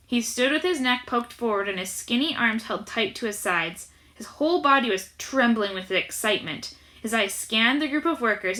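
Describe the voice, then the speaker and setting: Bright expressive woman reading a storybook. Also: medium pitch, moderate pace. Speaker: audiobook narrator. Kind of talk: audiobook reading.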